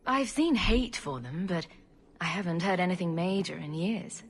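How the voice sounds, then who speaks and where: An actress playing a calm, dry, self-assured female adventurer in video game dialogue. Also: on the low side, moderate pace, breathy edge.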